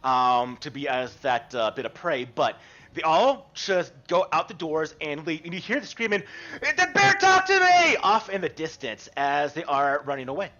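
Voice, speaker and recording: A man narrating a tabletop game as game master, animated and rambling with fillers. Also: fairly high pitch, moderate pace, highs cut off.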